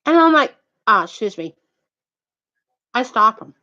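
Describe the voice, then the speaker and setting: A woman's voice: a little high, sing-song, measured pace, pushed and bright. A woman casually retelling a heated personal anecdote, rambling and repeating herself. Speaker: storyteller. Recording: dull lo-fi recording.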